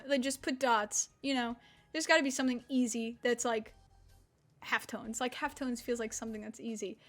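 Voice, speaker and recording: Young woman, about 20, from Mississippi, high-pitched, odd relaxed-jaw accent, chatty rambling streamer. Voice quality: unusual slack-jawed accent. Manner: rambling, swears, laughs often. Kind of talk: casual stream chat.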